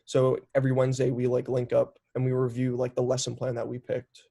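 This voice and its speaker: A man's voice: medium pitch, brisk, gravelly, breathy edge. A young man in his twenties, a documentary filmmaker, talking casually in an interview with many "like" fillers. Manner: chatty, lots of "like" fillers, animated storytelling.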